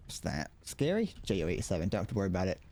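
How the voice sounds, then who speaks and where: A man's voice: sits low, very animated, racing, warm tone. A British man streaming a video game, chatting casually and rambling with jokes. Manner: joking and rambling. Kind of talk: casual live-stream chat.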